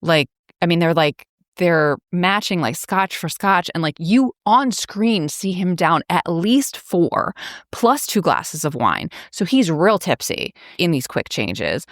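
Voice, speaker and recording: A woman with a notably low voice hosts a podcast, retelling a story in a loose, chatty way full of fillers and wry asides. Her sound is close and dry, with no room echo. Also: sing-song, slow pace. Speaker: podcast host. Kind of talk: casual plot recap.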